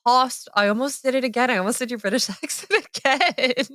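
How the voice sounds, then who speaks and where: A woman's voice: on the high side, quick pace, fairly bright tone, no echo, clean studio sound. A woman casting a live esports match, chatty and giggly, giving color commentary. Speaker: esports caster.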